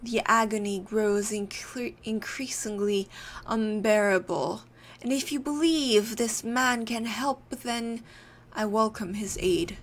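A woman puts on a troubled gentleman's voice in an odd, put-on accent. The reading is slow and fairly high-pitched, grave and uneasy, like a player voicing a character in a spooky game. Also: a little hiss or hum. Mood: haunted, solemn. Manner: reads aloud in a put-on weird accent. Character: tormented gentleman haunted by a dark vision. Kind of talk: let's play dialogue reading.

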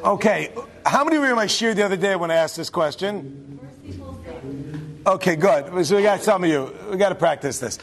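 A man, a rabbi, telling a story to a class in a lively way, acting out the quotes and asking the audience questions. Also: sits high, normal speed. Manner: animated, acts out quotes, asks the audience questions.

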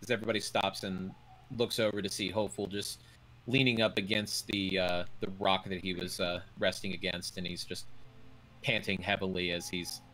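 A man runs a tabletop game as dungeon master, narrating in a fairly low voice. He talks at an easy pace and leans on frequent "uh" fillers. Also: moderate pace, poor audio. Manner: relaxed narration full of "uh" fillers.

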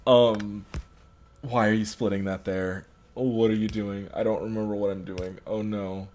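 A man's voice: lowish voice, flat delivery, moderate pace, darkish tone. A young man casually commentating his own gameplay, frustrated and muttering at himself about his mistakes. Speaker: gaming channel host. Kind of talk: casual let's play commentary.

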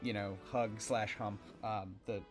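A man's voice: on the low side, fairly even intonation, unhurried, soft background music. A man narrating as game master in a loose, rambling way, full of fillers and asides.

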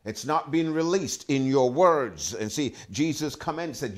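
A male pastor preaching a sermon, working through Scripture references with an emphatic, animated delivery and frequent exclamations of praise. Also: fairly high pitch, a little slow.

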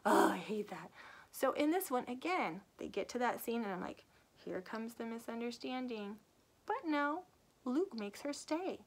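Woman author, chatty book-review vlogger; lively plot retelling with acted-out lines and easy laughter. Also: a little high, moderate pace, slightly rough. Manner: laughs often while talking. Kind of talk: casual book review vlog.

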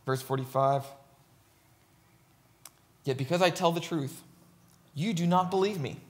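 A man delivering a church sermon, moving between read scripture and emphatic commentary. His voice sits a little higher than most men's, and he keeps asking "right?" to draw listeners along. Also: unhurried, long pauses. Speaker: preacher.

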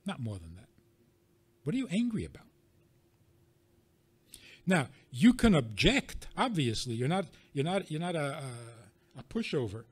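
A rabbi giving a teaching talk to an audience, leaning on rhetorical questions and wry everyday examples. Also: male voice, fairly high pitch, big pitch swings, measured pace, long pauses, slightly rough.

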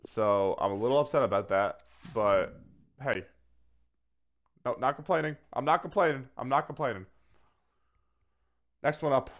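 A man giving casual commentary while opening packs in a video game, swearing freely and swinging between flat grumbling and excited shouts. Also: mid-range voice, normal speed, pauses often. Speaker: gaming video creator.

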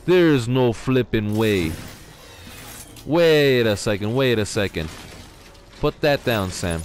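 Young male let's-play host, unhurried delivery with big swings in pitch, excitable and chatty with viewers. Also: a little hiss or hum. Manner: excitable, exclaiming and talking to viewers. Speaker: gaming channel host. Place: home garage.

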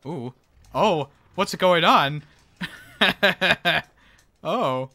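A man's voice: fairly high pitch, animated, extremely slow, bright, forceful tone. A man streaming a war video game, giving casual joking commentary, laughing often and swearing now and then.

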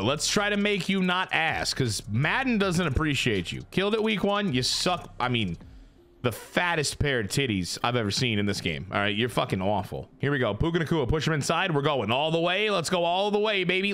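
A young gaming YouTuber with a voice on the high side and a fairly bright tone plays a football video game, offering casual, self-mocking commentary and swearing often.

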